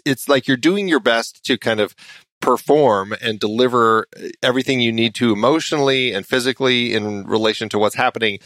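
A man hosting a casual movie podcast, thoughtful and quick to laugh. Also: lowish voice, a bit bright, dry recording. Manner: reflective, laughs often. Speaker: podcast host. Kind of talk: casual chat.

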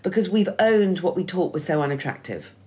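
A woman's voice: lowish voice, lively intonation, fairly quick, darkish tone. A middle-aged woman co-hosting a podcast, talking in a wry, emphatic way and swearing freely. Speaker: podcast co-host. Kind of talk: scripted-sounding conversational essay.

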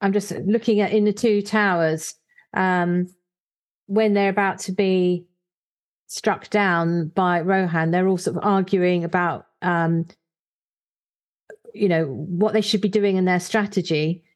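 A woman with a low, darkish voice speaks in a steady tone at a measured pace. Thoughtful and hesitant, she thinks aloud in casual discussion with frequent fillers and reads short book passages aloud.

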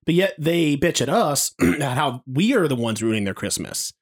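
Man, casual co-host. Exasperated ranter with an expressive pitch. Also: normal speed. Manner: ranting, exasperated. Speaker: podcast co-host who works in retail. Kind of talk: casual chat.

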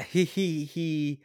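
A man's voice: a little high, creaky. A man co-hosting a podcast, chatting casually about a film, asking questions and laughing easily. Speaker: podcast co-host. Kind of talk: casual movie-review chat.

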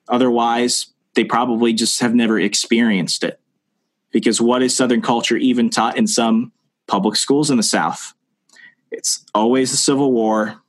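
A man speaking as a podcast guest in casual conversation, earnest and repeating phrases for emphasis. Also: medium pitch.

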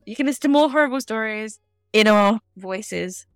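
A British woman chatting on a podcast in a clear, smooth voice. She is blunt and dryly funny, swearing freely, recorded dry on a close mic. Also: on the high side, moderate pace, no room sound, faint music behind. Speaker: podcast co-host. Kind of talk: casual chat.

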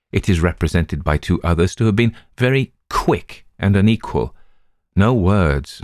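A man reading as a calm, methodical detective. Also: low-pitched, no echo, studio quality. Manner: measured, deliberate reasoning. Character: calm, methodical male detective reasoning aloud. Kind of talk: audiobook reading.

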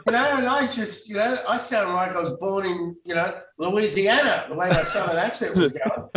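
Animated Australian man telling stories. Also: high-pitched, normal speed, reverberant, distant mic, slight background noise, low-quality recording. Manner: animated storyteller acting out his own past lines. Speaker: guest, former soap actor. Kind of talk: storytelling in podcast interview.

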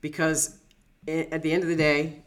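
Middle-aged female coach, lively and chatty, acts out examples. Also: low voice, moderate pace. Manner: animated, laughs easily, acts out examples. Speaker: negotiation coach. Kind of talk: casual podcast chat.

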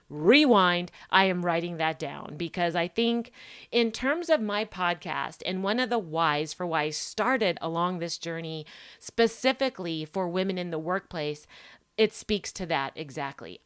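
A woman's voice: mid-range voice, a bit bright, clear, resonant tone, no room sound, clean studio sound. A woman hosting a solo podcast, talking emphatically and stacking rhetorical questions with frequent "right?" tags. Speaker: podcast host.

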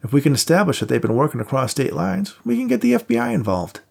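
A man's voice: a little high, sing-song, fast talker, gravelly, darkish tone, husky, pitched above the performer's own voice, full character voice. A man voicing a cocky, wisecracking male cop buddy in an audiobook, teasing and joking, raised above his own voice. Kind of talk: audiobook character voice.

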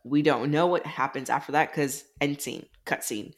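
A woman's voice: low voice, moderate pace. A young woman co-hosting a podcast, recapping a novel in casual chat over a video call and acting out the characters' lines. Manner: chatty, swears casually, acts out characters' lines. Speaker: podcast co-host.

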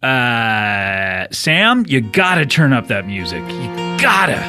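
A man's voice: mid-range voice, big pitch swings, takes it slowly, music in the background. A man hosting a comedy podcast, rambling through stories and laughing often as he chats. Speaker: podcast host. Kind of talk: casual comedic banter.

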